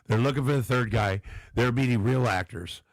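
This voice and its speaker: On a talk show, a middle-aged actor-comedian briskly shares casual, self-deprecating stories with plenty of animation. His voice is mid-range and the recording has no echo.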